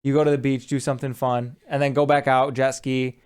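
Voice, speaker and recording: A man co-hosting a podcast, chatting casually and telling stories with lively acted-out quotes. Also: medium pitch, brisk, clear, resonant tone. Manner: animated storyteller who acts out quoted people. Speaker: podcast co-host. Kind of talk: casual chat.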